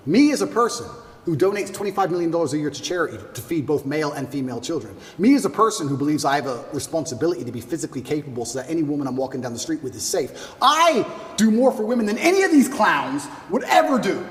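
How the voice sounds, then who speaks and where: A man's voice: a little high, big pitch swings, fast talker. A man giving an interview, talking emphatically and boastfully, swearing and hammering points in repeated lists. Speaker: interview guest. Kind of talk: heated interview talk. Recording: echoey room, voice far from mic.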